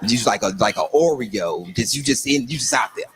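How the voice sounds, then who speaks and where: A middle-aged man telling stand-up comedy stories in a lively, punchy way. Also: mid-range voice, brisk, slight background noise.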